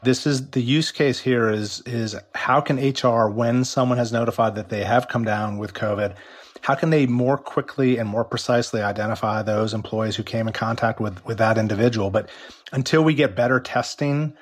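A man's voice: medium pitch, moderate pace, slightly rough. A man interviewed as a company executive, explaining at length with frequent restarts while losing his voice. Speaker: company executive interviewed about a workplace app. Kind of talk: remote news interview.

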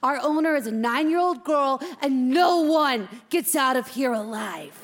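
A woman's voice: high voice, animated, a little slow, long reverb tail. A woman voicing a tough, bitter female hamster who bosses the new cage mate, snarling and threatening. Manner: snarling, threatening, prone to sudden yelling.

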